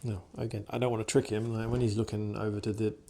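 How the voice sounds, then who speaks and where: A man working as a dog trainer, speaking calmly and softly as he gently coaxes a wary dog, recorded on a camera mic indoors. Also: on the low side, fast, gravelly, background noise. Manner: calm, soft-spoken, gently coaxing the dog. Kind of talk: casual running commentary during a dog session. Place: indoors, in a room with the dogs.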